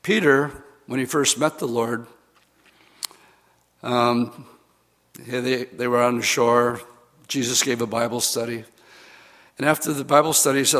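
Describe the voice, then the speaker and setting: Gravelly-voiced man preaching a sermon. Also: mid-range voice, fairly even intonation, measured pace, fairly bright tone. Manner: conversational storytelling preaching with fillers.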